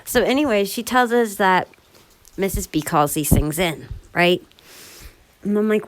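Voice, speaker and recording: A woman casually retelling a bizarre encounter in a chatty, animated way, full of quoted dialogue. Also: mid-range voice, a little slow, long pauses. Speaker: storyteller.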